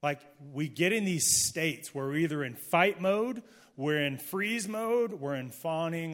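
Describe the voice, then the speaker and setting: A man's voice: a little high, slow, in a large hall. A middle-aged man, a pastor, preaching a sermon to a live audience in a candid, conversational way, joking with the listeners. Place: church hall, before a live audience.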